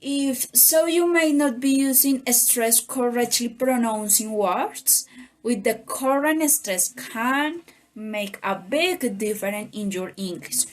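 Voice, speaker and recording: A young Colombian woman reading a class presentation in English, her voice fairly high. She goes slowly and evenly through each sentence. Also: animated. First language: Spanish. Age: young adult. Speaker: student presenter.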